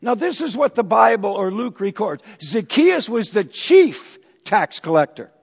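A man's voice: high-pitched, sing-song, unhurried, gravelly, husky. A man preaching a sermon and telling a story, acting out the voices of its characters. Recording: dull hall echo.

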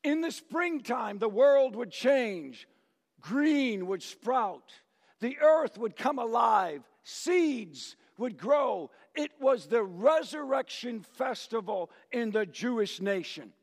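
A man's voice: extremely high pitch, lively intonation, takes it slowly, vocal fry. An older man preaching a sermon as pastor, telling stories with jokes and chuckling often. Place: church sanctuary. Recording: long church reverb.

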